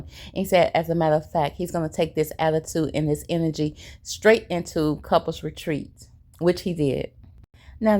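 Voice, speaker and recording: A woman's voice: low voice, dark tone. A woman giving a chatty, sassy recap of a reality show and acting out what the cast said. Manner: chatty and sassy, retelling scenes with quoted lines. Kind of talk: casual recap commentary.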